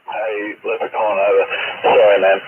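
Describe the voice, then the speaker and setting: An Australian man speaks in a low voice, earnest and reassuring, peppering his talk with "mate." The sound is thin and tinny, like a CB radio, with faint hiss underneath. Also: level tone, moderate pace. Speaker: CB radio operator. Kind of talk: casual radio chat. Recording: hissy, tinny radio transmission.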